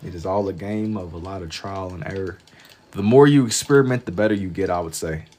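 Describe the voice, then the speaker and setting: Low-pitched and darkish, this man's voice moves fairly quickly as he draws on stream. He rambles drowsily in a drawl, slips into slang, and circles back to the same points repeatedly.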